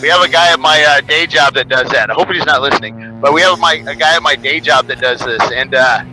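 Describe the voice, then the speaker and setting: A man's voice: fairly high pitch, fairly quick, background noise. A man on a race broadcast crew, chatting and joking loosely while he sets up cameras. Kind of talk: casual chat over the broadcast.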